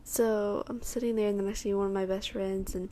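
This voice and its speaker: A woman's voice: mid-range voice, flat delivery, fairly quick, dark tone. A teenage girl from Texas hosting a podcast, giving a rambling personal testimony and acting out what people said to her. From Texas, USA. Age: teens. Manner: rambling storytelling, acting out her own and others' lines. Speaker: podcast host.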